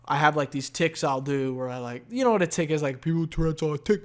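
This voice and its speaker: A man hosting a podcast, telling a long story in a casual, profane monologue that is full of fillers and has loud, animated exclamations. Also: fairly high pitch, fast talker. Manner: profane, rambling, heavy on fillers. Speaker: podcast host.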